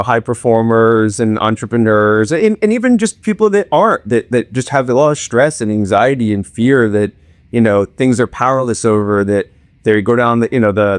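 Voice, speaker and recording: A man hosts a casual podcast chat, thinking out loud and poking fun at himself as he rambles along. His voice sits at an ordinary middle pitch. The sound is dry and close, with no room echo. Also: smooth. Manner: rambling, self-deprecating, talks through thoughts aloud. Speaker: podcast host.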